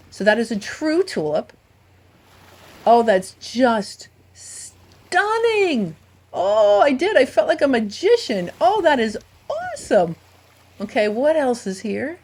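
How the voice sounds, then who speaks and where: Bubbly woman with a lively voice. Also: mid-range voice. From Southwest Florida. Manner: bubbly, gushing, talks to shells. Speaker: beach shelling vlogger. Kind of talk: casual narrated vlog. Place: outdoors on a beach.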